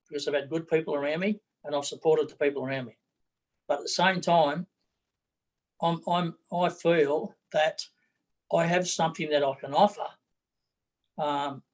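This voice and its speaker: Aussie bloke talking blunt and rambly, stumbles over words, voice sits a bit high. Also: male voice, darkish tone, poor audio. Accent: Australian. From Australia. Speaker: political candidate. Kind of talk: interview.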